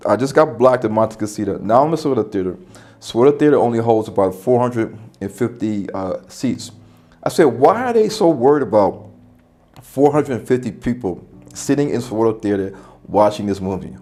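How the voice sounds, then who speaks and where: A man's voice: mid-range voice, lively intonation, fairly quick, dark tone. A man telling a long personal story in casual podcast talk, with repeated words and restarts. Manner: retells events with repetitions and restarts. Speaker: podcast guest. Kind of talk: casual spoken anecdote.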